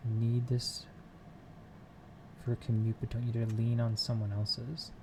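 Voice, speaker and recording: A man's voice: mid-range voice, completely flat delivery, unhurried, noisy background. A man on a casual live stream, muttering code aloud to himself while he works and chatting with viewers from a home computer room.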